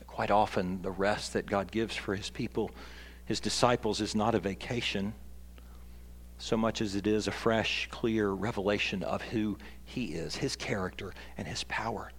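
A man's voice: fairly low pitch, steady tone, moderate pace, slight background noise. A man preaching a sermon as pastor, earnest and building to emphatic peaks. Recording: long reverb of a large hall.

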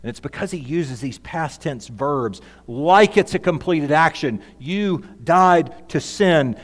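Male pastor, slightly high-pitched, emphatic sermon delivery, loud and then hushed, lingering hall reverb. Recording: long reverb of a large hall.

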